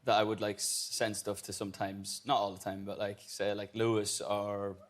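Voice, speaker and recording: Young irish guy, easygoing and halting, laughing along on a chat show couch. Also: on the low side, level tone. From Ireland. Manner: laid-back, halting, laughs easily. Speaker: musician guest.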